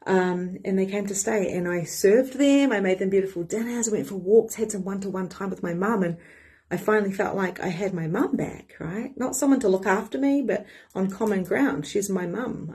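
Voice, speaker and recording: A woman with a New Zealand accent, a spiritual mentor and coach, reflecting in an animated, casual monologue and swearing freely. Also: medium pitch, breathy edge.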